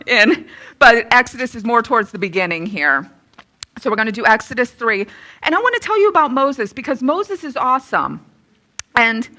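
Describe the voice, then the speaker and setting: Bright-voiced woman in her thirties giving a testimony. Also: fairly high pitch. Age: 30s. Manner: candid and self-deprecating, lively when retelling. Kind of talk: personal testimony and Bible teaching.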